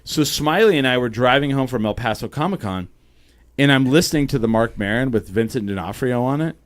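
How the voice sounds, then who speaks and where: Animated, profane man telling stories. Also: mid-range voice. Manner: quick, run-on delivery with many restarts. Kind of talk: casual chat.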